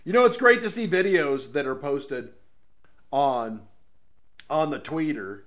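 A man's voice: fairly high pitch, lively intonation, unhurried, fairly bright tone. A man hosting his own political rant show from his home studio, rambling and sarcastic in a monologue.

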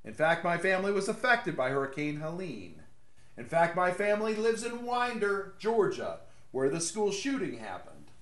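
A man's voice: sits high, very animated, moderate pace, fairly bright tone. A man hosting casual political commentary in a sarcastic tone, laughing at his own jokes. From American South. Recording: echoey room.

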